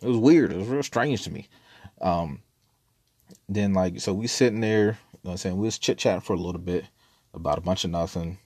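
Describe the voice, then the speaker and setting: A man with a deep, low voice tells a story in a loose, laid-back way, swearing freely and rambling between asides. The sound is dry and close, with no room around it. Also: fairly quick, a little mellow, no room sound. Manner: laid-back, profane, rambling with frequent laughs. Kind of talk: casual storytelling monologue.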